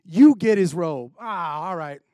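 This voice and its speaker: A man's voice: high-pitched, lively intonation, measured pace, mellow, no room sound, studio quality. A man voicing careless Roman soldiers gambling, with casual offhand banter, inside a sermon.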